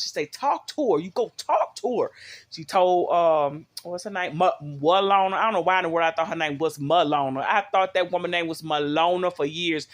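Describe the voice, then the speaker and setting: Middle-aged woman rambling into her phone at home, chatty, keeps asking viewers stuff. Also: deep voice. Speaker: vlogger. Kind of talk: casual talk to viewers.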